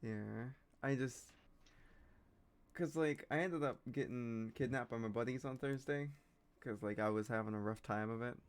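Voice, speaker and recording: This game master is a woman with a very deep voice speaking at normal speed. Ahead of the tabletop game she chats with her players, relaxed and reassuring, and her speech is full of fillers.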